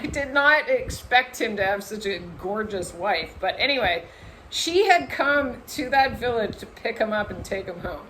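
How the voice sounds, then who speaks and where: Woman vlogger telling a story, kinda high voice, lots of "like", bit of background hum. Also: unhurried, poor audio. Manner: animated, lots of "like", acts out voices in her story. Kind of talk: casual storytelling to camera.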